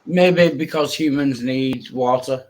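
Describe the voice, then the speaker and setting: A man's voice: medium pitch, slow. A man with an English accent in a casual debate, answering with hesitant, stammering restarts. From England.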